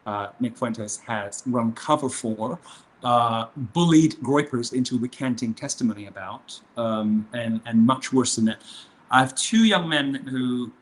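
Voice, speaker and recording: A man with a medium-pitched voice talks at normal speed as a guest in a relaxed interview. He rambles, keeps restarting, and uses lots of fillers, taking a mocking and provocative tone.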